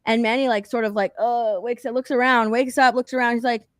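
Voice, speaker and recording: A high-pitched woman talks through a movie scene by scene on a casual podcast, animated and swearing freely, jumping into the characters' voices. The sound is dry and close, with no room around her. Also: a little fast, no room sound. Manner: animated, profane, acts out characters' lines. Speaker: podcast co-host. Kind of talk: casual chat recapping a movie.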